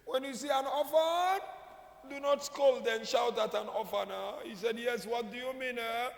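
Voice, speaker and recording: A man's voice: very high voice, moderate pace, gravelly. A man, a sheikh, giving a mournful sermon whose narration rises into chanted, wailing lament. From Kenya. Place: mosque or prayer hall. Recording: echoey hall, long reverb.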